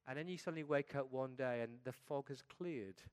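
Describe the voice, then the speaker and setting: A middle-aged pastor preaching an earnest sermon at a middle pitch, letting his voice fall soft at the close of each point. He talks steadily and sincerely to his congregation. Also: a little fast, clean tone.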